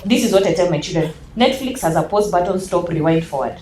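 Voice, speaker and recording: A Kenyan woman in her thirties speaking as a parenting panel speaker, lively and animated, acting out children's voices as she talks to an audience. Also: lowish voice, quick pace, a little hiss or hum. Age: 30s. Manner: animated, acts out children's voices, mixes English and Swahili. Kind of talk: lively workshop talk to an audience. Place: event hall with audience. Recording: roomy hall sound.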